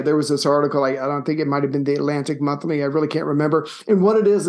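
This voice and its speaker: A man co-hosting a history podcast, telling stories in a loose, animated way and swearing casually. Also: on the high side. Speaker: co-host.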